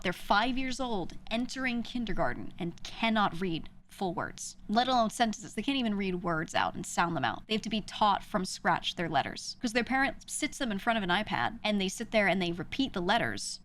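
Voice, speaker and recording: A woman streamer in casual chat, telling animated stories with frequent laughs and lots of filler words. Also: mid-range voice, slight background noise. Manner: animated storytelling, laughs often; chatty, many "like" fillers.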